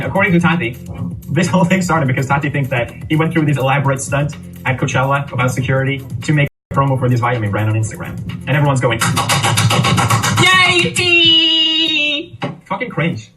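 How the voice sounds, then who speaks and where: Fast, blunt male commentator heard from a distance over clear background music. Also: mid-range voice. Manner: blunt, critical, opinionated. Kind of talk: casual reaction commentary. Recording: distant mic with music behind.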